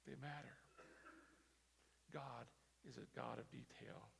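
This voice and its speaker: A male pastor preaching a sermon, moving between quiet low stretches and loud emphatic repetition. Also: steady tone, takes it slowly, vocal fry, long pauses, husky. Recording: long hall reverb.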